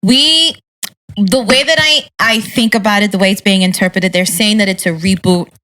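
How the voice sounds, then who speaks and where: A woman's voice: medium pitch, normal speed, bright, forceful tone. Woman co-host chatting casually. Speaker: podcast co-host. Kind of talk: casual chat.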